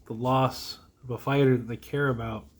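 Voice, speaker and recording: A man's voice: mid-range voice, steady tone, moderate pace. A young man hosting a solo podcast, talking in an emotional, rambling, self-deprecating way with small laughs. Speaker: podcast host. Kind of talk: casual solo podcast monologue.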